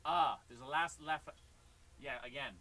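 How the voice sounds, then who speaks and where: A man teaching a drum lesson on a live stream, counting beats aloud and cutting the student off with sharp stops. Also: medium pitch, measured pace, rough recording.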